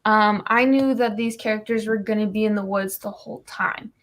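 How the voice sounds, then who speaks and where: A woman's voice: mid-range voice, fairly even intonation, normal speed. A woman comic artist talking casually on a livestream, explaining her process with many ums and you-knows.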